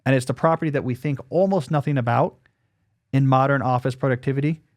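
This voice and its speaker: Guy in his 40s podcast host, talks it through casually, mid pitch, dead dry mic. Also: steady tone, fast, dry recording. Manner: explanatory, thinking aloud.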